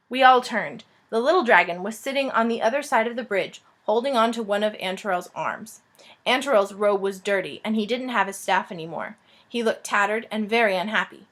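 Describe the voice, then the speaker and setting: A woman reading a children's fantasy book aloud in a lively, expressive way. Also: medium pitch, fairly quick. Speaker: reader. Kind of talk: storybook read-aloud narration.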